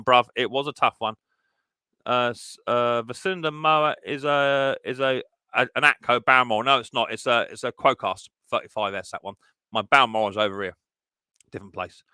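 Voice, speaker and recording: A man's voice: fairly high pitch, sharp tone, dry recording, clean studio sound. A man hosting a casual live stream chat, greeting viewers one by one and reading their messages aloud.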